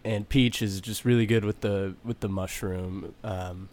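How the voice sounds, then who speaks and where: A man in casual chat, hesitant and full of fillers and restarts as he pitches ideas. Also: fairly even intonation, measured pace, darkish tone.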